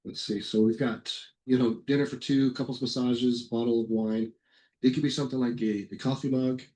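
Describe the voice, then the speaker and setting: Middle-aged guy doing a software webinar, warm mellow tone, chatty and rambly, lots of ums and restarts. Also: medium pitch, steady tone, moderate pace, low-quality recording. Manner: rambling, anecdotal, with frequent fillers and self-corrections. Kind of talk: casual webinar presentation.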